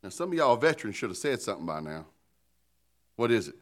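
Animated joking preacher man, lively pitch. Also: quick pace. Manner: animated, joking, conversational preaching with call-and-response. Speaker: pastor. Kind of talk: sermon.

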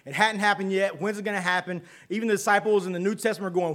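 A man's voice: high voice, steady tone, quick pace, hardly any pauses, fairly bright tone. A man preaching a casual, conversational sermon, folksy and chatty with asides and frequent check-ins with his listeners.

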